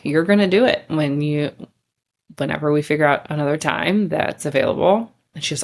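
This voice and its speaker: Low-voiced candid woman host. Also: normal speed. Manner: candid, chatty, swears casually. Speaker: podcast host. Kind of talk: casual storytelling monologue.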